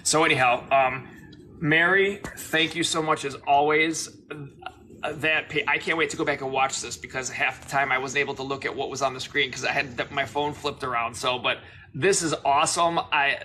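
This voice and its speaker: A man's voice: on the high side, fairly even intonation, moderate pace, pushed and bright, a little hiss or hum. A man hosting a casual livestream chat, enthusiastic and rambling, often restarting his sentences. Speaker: host.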